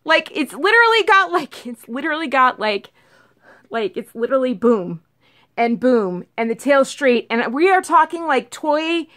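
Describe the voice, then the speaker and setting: Woman vlogger, slightly high voice, chatty storytime, rambling, lots of acted-out quotes. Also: moderate pace. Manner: rambling, animated retelling full of "like" and acted-out quotes. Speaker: vlogger telling a storytime about her cat. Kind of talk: casual storytime chat.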